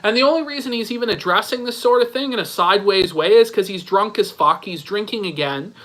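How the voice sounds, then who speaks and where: A man's voice: high voice, a little fast, fairly bright tone, low-quality recording. A man commentating on another stream in a sneering, profane, mocking way.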